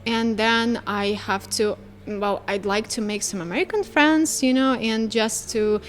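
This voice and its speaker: A young woman from Ukraine with a Ukrainian accent, chatting as a podcast guest, animated and searching for words. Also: fairly high pitch, a little slow, faint music behind. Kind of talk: casual conversation.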